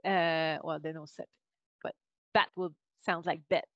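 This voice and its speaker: A woman's voice: low-pitched, steady tone, unhurried, no echo. Quebec French-accented woman with muffled audio. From Canada. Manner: thoughtful, many fillers and restarts, laughs often. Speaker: guest linguist. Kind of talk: podcast interview.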